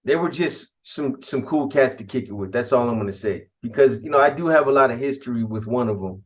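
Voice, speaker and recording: A man's voice: mid-range voice, lively intonation, fairly quick. A man casually telling a first-person story in laid-back street slang, with frequent restarts and asides. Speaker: podcast storyteller.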